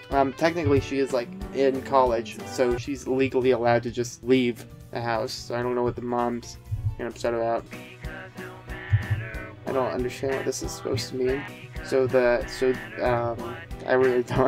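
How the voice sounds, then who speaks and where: A man's voice: medium pitch, steady tone, moderate pace, faint music behind. A man giving sarcastic video commentary, rambling with frequent restarts and asides. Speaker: commentary youtuber.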